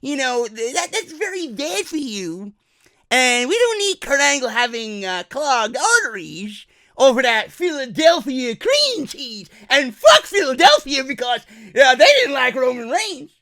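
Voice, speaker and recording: A man's voice: very high-pitched, big pitch swings, unhurried, pushed and bright, dry recording, studio quality, voice pushed up, full character voice. A man putting on the voice of a dim, laid-back male buffet employee who stammers and hesitates. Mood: drawling.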